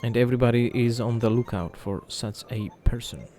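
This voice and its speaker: A man narrating a tabletop game as game master, in slow, measured speech with pauses. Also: medium pitch, dark tone, soft background music.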